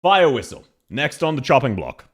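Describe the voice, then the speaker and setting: A man's voice: mid-range voice, sing-song, normal speed. A man with an Australian accent giving casual reaction commentary on a stream, laughing often and swearing offhandedly.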